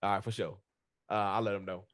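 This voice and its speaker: A man co-hosting a podcast, telling a long personal story in a relaxed, rambling way, full of fillers and acted-out dialogue. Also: fairly low pitch, fairly quick, no echo, clean studio sound. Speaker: podcast co-host. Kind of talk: casual storytelling chat.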